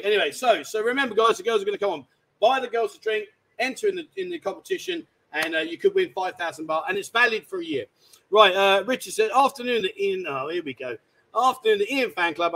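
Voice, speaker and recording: A man's voice: sits high, sing-song, fast talker, pushed and bright, rough recording. A man hosting a livestream from a bar, chatting casually, teasing and rambling. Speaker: livestream host. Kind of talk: casual banter. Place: bar, indoors.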